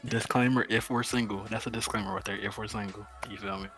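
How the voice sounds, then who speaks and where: A man's voice: fairly low pitch, steady tone, fast talker, a bit bright, faint music behind. A young man from Mississippi, a podcast co-host, telling laid-back stories in casual chat and often asking "you feel me".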